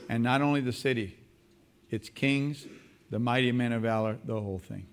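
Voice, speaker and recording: A male pastor preaching an animated sermon. His voice rises for emphasis and drops low and quiet when he speaks for God or tells a story. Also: brisk. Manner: animated preaching, rising in pitch and volume. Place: church sanctuary.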